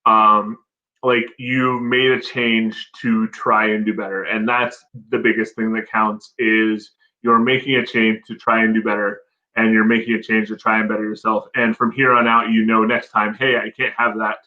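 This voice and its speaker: A man's voice: fairly low pitch, little pitch movement, normal speed, roomy sound. Earnest rambling man, slightly dull audio. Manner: rambling with many fillers and restarts, earnest. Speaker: guest. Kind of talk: casual chat.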